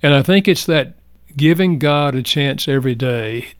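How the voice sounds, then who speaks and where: An older man telling a personal story as a guest in a radio interview, speaking earnestly and reflectively, going soft at the tender parts. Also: mid-range voice, moderate pace, clear, resonant tone, dry recording. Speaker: guest, marriage counselor.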